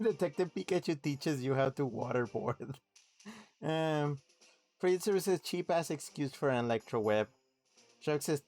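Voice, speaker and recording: A man's voice: fairly high pitch, animated, a little slow, a little mellow, soft background music. A man streaming a video game, chatting casually, reading viewer messages aloud, laughing and humming along. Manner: laughs, hums, reads chat messages aloud. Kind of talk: casual livestream gaming commentary.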